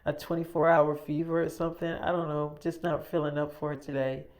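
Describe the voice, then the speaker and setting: A man's voice: fairly high pitch, flat delivery, brisk, close to an everyday voice. A man voicing a pushy, impatient young woman in an improvised audio story, exasperated and swearing. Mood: tired.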